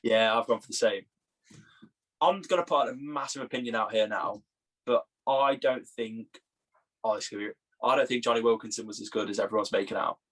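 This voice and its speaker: A young man from England with a slightly husky voice, chatting loosely with a mate on a podcast. He jokes, teases and laughs easily, sitting at a middle pitch for a man. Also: fairly bright tone. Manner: jokey, teasing, quick to laugh. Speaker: podcast co-host. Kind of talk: casual banter.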